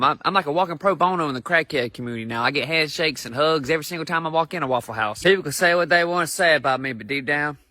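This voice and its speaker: A fast-talking man with a Southern US accent tears through a profane stand-up routine. His fairly high voice is bright and forceful, and the recording is close and dry. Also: dry recording. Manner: ranting, profane, rapid-fire. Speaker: comedian. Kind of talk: stand-up comedy monologue.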